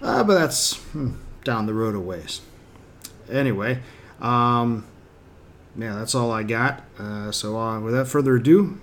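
A man's voice: medium pitch, measured pace. A man, an author and host, chatting casually before an audiobook chapter, with many fillers. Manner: relaxed, filler-heavy. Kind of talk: casual spoken intro.

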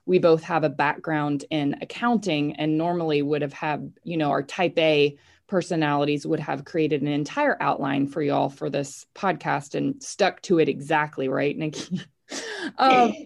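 A woman's voice: deep voice, steady tone, normal speed, gravelly. An enthusiastic American woman, hosting and introducing a guest. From United States. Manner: bubbly, enthusiastic. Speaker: podcast host. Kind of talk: casual podcast introduction.

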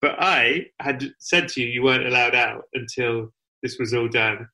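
A man hosting a comedy podcast, telling absurd stories in a casual deadpan way and swearing freely. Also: medium pitch, moderate pace, rough recording. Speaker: podcast host.

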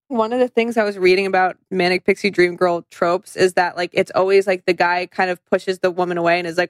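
A woman's voice: on the low side, steady tone, fast, no room sound. A woman co-hosting a podcast in casual chat about movies, rambling with lots of "like" and acting out quotes. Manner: rambling, many likes, acts out quotes. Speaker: podcast co-host.

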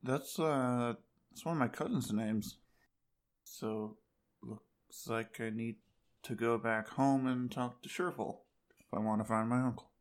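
A woman's voice: a bass voice, unhurried. A woman playing a tabletop game, easygoing with dry asides. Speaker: player.

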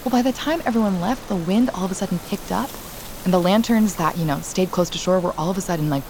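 A woman hosting a podcast, telling a personal story in a candid, animated way and laughing now and then. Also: lowish voice, fast, slight background noise. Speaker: podcast host. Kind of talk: casual storytelling chat.

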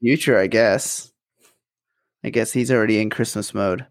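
A man's voice: on the low side, fairly even intonation, normal speed, vocal fry, no echo. Easygoing podcast guy with dad jokes. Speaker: podcast co-host. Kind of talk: casual sports chat.

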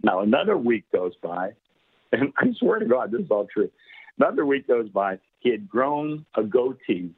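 A man's voice: mid-range voice, very animated, normal speed, gravelly, breathy edge. A man telling a long rambling story in casual chat, laughing often and filling with "you know". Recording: tinny phone-like radio line.

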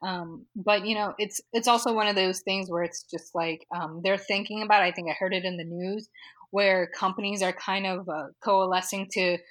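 A woman's voice: medium pitch, steady tone, normal speed, fairly bright tone. Woman chatting casually on a podcast. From California. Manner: conversational, with frequent fillers and laughs. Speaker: data modeling guest.

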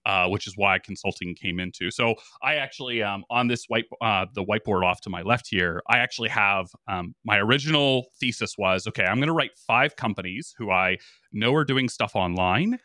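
A man with an announcer-type voice, telling his story as a podcast guest in an energetic, casual way, with many restarts and fillers. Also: on the low side, normal speed, no echo, clean studio sound. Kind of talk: casual conversation.

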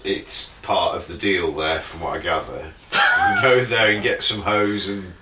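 Lively English man, teasing banter. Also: low-pitched, unhurried, heavy background noise. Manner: teasing, swears a lot, lively. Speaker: podcast co-host. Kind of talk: casual banter. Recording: echoey room, mic far off.

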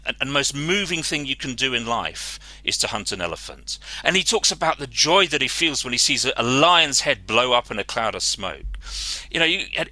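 Earnest activist guy, really bright forceful tone, lively pitch, close dry mic. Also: no echo. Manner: earnest, disgusted, with um fillers. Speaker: author and activist guest. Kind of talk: earnest interview answer.

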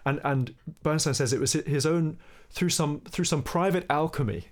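A young man, a musician guest, telling a story in relaxed conversation and singing short bits of melody as he goes. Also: on the high side, moderate pace. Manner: animated, sings snippets of melody while telling the story.

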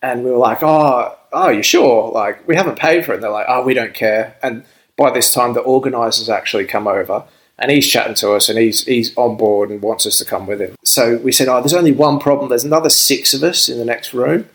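A man's voice: medium pitch, fairly quick, a bit bright, rough recording. A young Australian man, a podcast guest, telling a rambling story in casual chat and laughing as he goes. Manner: laid-back, rambling, laughs through his story.

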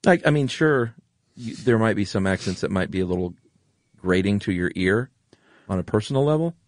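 A man's voice: lowish voice, animated, fairly quick, no echo, studio quality. A man co-hosting a podcast in casual chat, enthusiastic and rambling. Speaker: podcast co-host.

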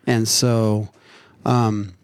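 Middle-aged guy from nevada on a podcast, swears a lot, cracks dark jokes, dry close sound. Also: lowish voice, level tone, extremely slow, clean tone, no echo. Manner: crude, joking storyteller. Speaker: podcast guest. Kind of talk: casual chat.

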